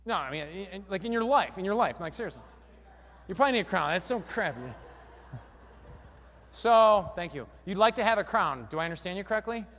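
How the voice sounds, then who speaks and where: A man giving a lively live seminar talk on stage, quizzing the audience as he goes. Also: high-pitched, a little fast, long pauses, long reverb tail. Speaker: seminar speaker. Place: large hall with a live audience.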